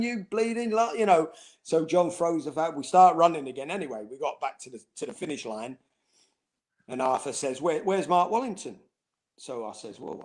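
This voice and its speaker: A middle-aged former footballer with a mid-range male voice shares anecdotes in a relaxed interview. He laughs along and acts out the voices of people he quotes.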